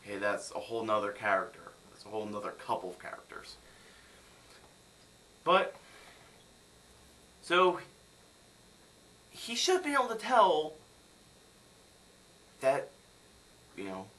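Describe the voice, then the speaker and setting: Young man, film review vlog, sarcastic exasperated rant, bright sharp tone. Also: fairly high pitch, huge pitch swings, unhurried, long pauses. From United States.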